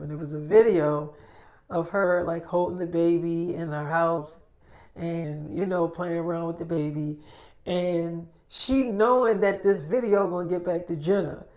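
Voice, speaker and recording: A woman's voice: on the low side, a little slow, warm tone, muffled recording. A woman spinning an improvised first-person story in a casual, profane way, acting out the dialogue as she goes.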